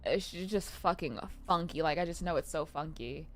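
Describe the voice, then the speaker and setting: A young woman streaming a game, chatting casually and excitably with her chat and swearing freely. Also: low voice, moderate pace, slight background noise. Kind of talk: casual live-stream chat while gaming.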